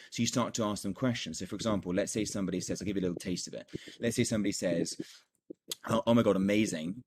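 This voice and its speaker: A man's voice: low-pitched, slight background noise. A man teaching a recorded sales course as a coach, enthusiastic, repeating words and filling gaps with "done, done, done".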